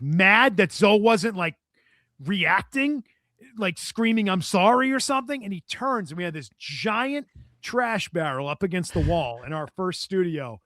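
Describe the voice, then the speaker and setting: A man's voice: high-pitched, no room sound, clean studio sound. A man guest on a podcast telling a story in casual chat, laughing often and acting out what others said. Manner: animated storyteller, laughs often, acts out quotes.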